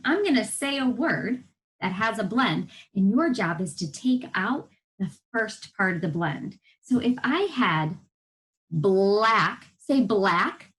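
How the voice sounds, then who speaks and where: A woman's voice: mid-range voice, poor audio. A woman teacher giving a televised reading lesson to first graders, encouraging and patient as she walks them through sounds in words. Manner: slow, lively, encouraging teacher talk to young children.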